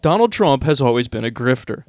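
A man's voice: mid-range voice, sing-song, a little fast, a little mellow, no echo, studio quality. A man co-hosting a podcast in casual, profane banter, laughing often. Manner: giggly, laughs often between lines. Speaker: podcast co-host.

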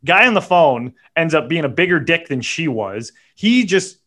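A man hosting a podcast, telling a story in a profane, animated rant and muttering quick asides. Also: fairly high pitch. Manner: animated and profane, voice jumps up when acting out his own yelling. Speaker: podcast host.

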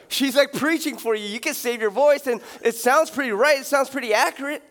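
A young adult man preaching a sermon as pastor, animated and joking, sometimes mimicking loud street preachers. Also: fairly quick. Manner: animated, acts out shouting street preachers with big pitch jumps; joking, laughs at his own asides.

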